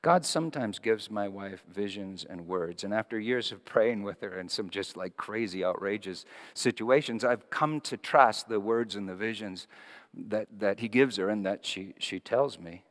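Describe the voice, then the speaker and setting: A male pastor preaching a sermon, telling stories and moving between hushed, quiet passages and lively, raised ones. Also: on the low side, moderate pace, in a large hall. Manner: storytelling, shifting between hushed and animated.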